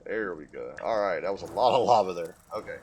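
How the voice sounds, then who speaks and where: A man's voice: low voice, expressive, fast talker, a little mellow, slight background noise. A man with a mild Southern US accent, live-streaming a game in casual chat, reading and answering chat and easily amused.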